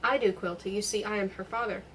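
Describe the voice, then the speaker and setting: A woman reading a novel aloud, giving a cold, vengeful man's lines in a measured, commanding way close to her own voice. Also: medium pitch, steady tone, fairly bright tone, distant mic, a little hiss or hum, lightly acted, rough recording. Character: cold, vengeful man confronting a rival.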